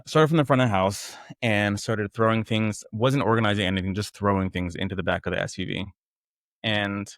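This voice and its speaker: A young man with a fairly low voice talks candidly about a difficult chapter of his life. He tells it in a casual, conversational way and slips into the voices of the people he quotes. The sound is close and dry. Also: a bit bright, no echo. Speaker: guest. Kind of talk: candid personal storytelling.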